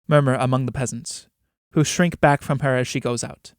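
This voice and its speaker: A man narrating a full play aloud, reading the stage directions plainly and in a measured way. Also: medium pitch, fairly even intonation, no room sound, studio quality.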